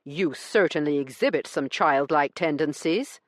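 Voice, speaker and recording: A woman voicing a stern, blunt gentleman who lectures with dry sarcasm in an audiobook. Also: low voice, moderate pace, dry recording, lightly acted. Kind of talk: audiobook character reading.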